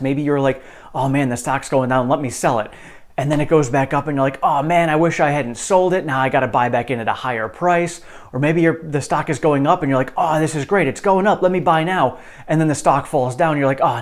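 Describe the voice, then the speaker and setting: A man's voice: a little high, darkish tone. A man talking casually to his viewers about stock market analysis, acting out investors' worried thoughts.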